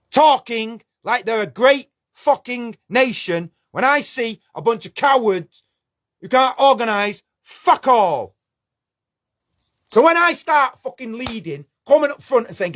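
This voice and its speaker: A man's voice: very high voice, fairly bright tone. A man ranting angrily to camera, swearing and confrontational. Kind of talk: angry video rant.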